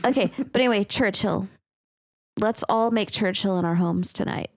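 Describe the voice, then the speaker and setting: A woman's voice: medium pitch, moderate pace, no echo. Woman, podcast co-host, chatty, laughs a lot, dry close mic. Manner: chatty storyteller, laughs often, some swearing. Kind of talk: casual chat. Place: West Texas.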